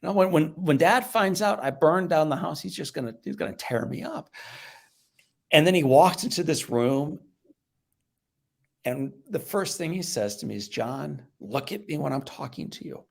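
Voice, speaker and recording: A middle-aged man from the Midwest, a motivational speaker and podcast guest, telling a personal story in an animated way, hushing low and then getting loud. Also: normal speed, gravelly, long pauses. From American Midwest. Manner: animated storyteller, acts out voices and swings from hushed to loud.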